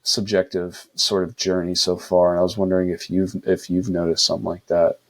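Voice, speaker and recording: A man's voice: deep voice, little pitch movement, brisk. A man hosting a podcast in a casual, laid-back way, peppering his talk with "dude" and "like.". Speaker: podcast host.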